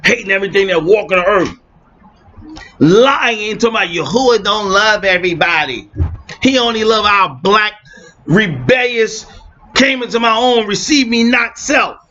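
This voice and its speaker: A man in an impassioned religious rant, streetwise and mocking, swinging between shouting and muttering. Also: high-pitched, expressive, unhurried. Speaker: religious video blogger. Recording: muffled lo-fi with faint hiss.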